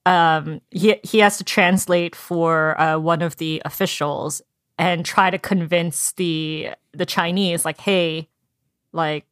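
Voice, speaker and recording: A woman's voice: on the low side, takes it slowly, no room sound, clean studio sound. A woman in casual chat about a book, retelling scenes with lots of fillers and acting out the characters' lines. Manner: animated storytelling, acts out characters' lines. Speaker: book discussion co-host.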